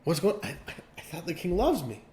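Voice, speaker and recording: A naive, excitable pike fish, as a man telling the story puts him on. He gushes with a lively, swooping voice. The sound carries a roomy echo. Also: high-pitched, fast, pitched above the performer's own voice. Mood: panicked. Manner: gushing, then panicked.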